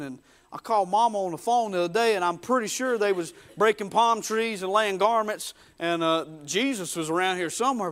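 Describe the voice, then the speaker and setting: A man preaching a dramatic storytelling sermon, folksy, swinging from hushed murmurs to loud bursts. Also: high voice, fairly quick.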